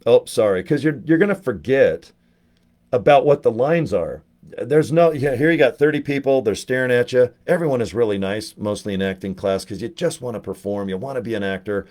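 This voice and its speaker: A man talking casually to camera, telling rambling, animated anecdotes as a network marketer. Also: medium pitch, a little fast.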